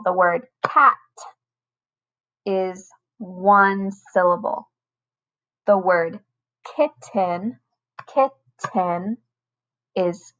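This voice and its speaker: Slow, patient first grade teacher woman. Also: mid-range voice, fairly bright tone, muffled recording. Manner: slow, patient, over-enunciated teacher talk. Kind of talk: recorded online lesson for children.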